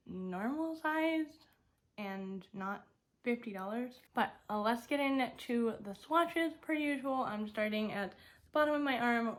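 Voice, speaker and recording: A young woman vlogger chatting casually as she swatches eyeshadow and talks through each makeup step. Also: mid-range voice. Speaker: beauty vlogger. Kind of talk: casual makeup tutorial talk.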